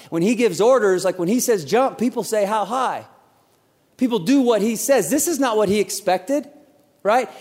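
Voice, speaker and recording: High-voiced man preaching in a reverberant hall. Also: darkish tone. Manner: conversational, acts out voices, rhetorical questions. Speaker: pastor. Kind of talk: sermon. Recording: church hall with long reverb.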